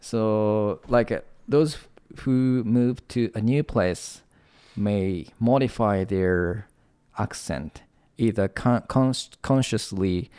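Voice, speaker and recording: A Japanese man with a noticeable Japanese accent co-hosts a casual bilingual podcast. His voice is fairly low, and his English comes slowly and haltingly before he drifts back into Japanese. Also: mellow, clear, resonant tone. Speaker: podcast co-host.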